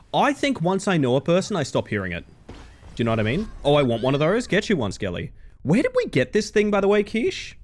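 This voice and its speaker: Lively, playful male streamer. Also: a little high. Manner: playful, animated, swears freely. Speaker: livestreamer. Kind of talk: casual chat while gaming live.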